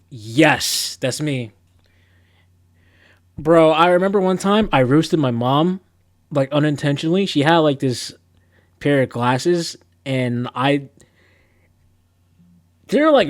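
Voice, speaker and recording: A man's voice: a little high, no echo. Slangy young streamer man, dry close mic. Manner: laid-back, rambling, slangy, self-mocking. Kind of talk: casual live-stream chat, reading quiz questions.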